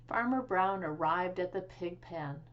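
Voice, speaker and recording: A woman librarian reading a picture book aloud for children, slow and expressive with sing-song animal sounds. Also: lowish voice, highs cut off. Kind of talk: children's storytime read-aloud.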